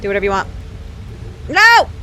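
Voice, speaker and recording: A woman's voice: medium pitch, expressive, normal speed, a little hiss or hum. A woman streaming a game live, chatty and self-mocking, laughing often as she comments.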